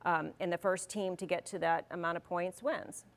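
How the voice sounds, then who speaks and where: A woman's voice: fairly low pitch, steady tone, normal speed, vocal fry. A woman being interviewed as a guest in a studio, friendly and plain-spoken, laughing now and then. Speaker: festival organizer guest.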